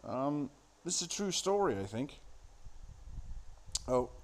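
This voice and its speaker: A man talking casually over a film at a middle pitch, crude and sardonic in his asides. He rambles from scene to scene with swearing and dry mockery. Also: big pitch swings, slow pace. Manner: sardonic, crude, profane, off-the-cuff. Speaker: host commenting on a film.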